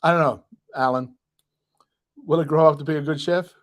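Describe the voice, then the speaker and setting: A man's voice: a little high, steady tone, moderate pace. Jokey Australian man demoing products. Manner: jokey, chuckling, rambling asides. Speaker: livestream product presenter. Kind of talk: casual live product demo.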